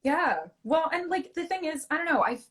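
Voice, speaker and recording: A young woman from Canada, chatting as a guest actress in a casual interview, animated and full of fillers and restarts. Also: high voice, moderate pace.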